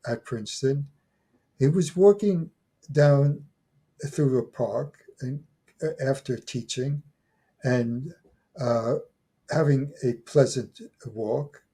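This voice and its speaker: Slow, husky-voiced man in his eighties. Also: medium pitch, mellow. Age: 80s. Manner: halting, repeats and restarts words. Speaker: guest, folklore scholar. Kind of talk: conversational interview.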